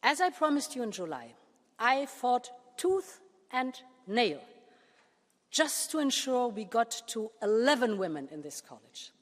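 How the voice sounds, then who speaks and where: A woman leader giving a formal prepared speech to a parliament. She speaks in a measured way and slows down with pauses to stress key words. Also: on the high side, sing-song. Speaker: political leader addressing a parliament. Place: large parliament chamber. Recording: long reverb of a large chamber.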